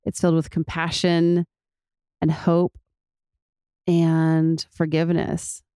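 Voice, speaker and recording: A woman speaks in a heartfelt, tender way in casual conversation. Her voice is low and mellow with a gravelly edge, and she talks slowly. The recording is dry and close. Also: completely flat delivery, no room sound.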